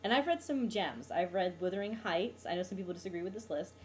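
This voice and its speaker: A woman's voice: on the low side, animated, quick pace, a little hiss or hum. A young woman, venting about a bad weekend in a casual vlog, peppered with "like" and "um". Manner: exasperated, venting, frequent "like" and "um". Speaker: vlogger.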